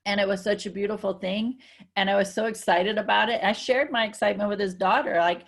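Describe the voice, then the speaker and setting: A woman with a gravelly edge to her voice co-hosts a relaxed spiritual chat. She tells stories with emphasis, slipping into quoted lines of her own speech, at a middle pitch. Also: brisk. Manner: emphatic, storytelling, quotes herself often. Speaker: co-host.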